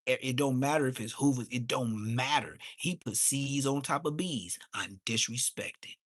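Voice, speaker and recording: A man, ranting on a livestream. He is heated and mocking, and his voice suddenly jumps high. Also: normal speed, fairly bright tone, no echo, clean studio sound. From Inglewood, Los Angeles. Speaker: livestream host. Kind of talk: profane livestream rant.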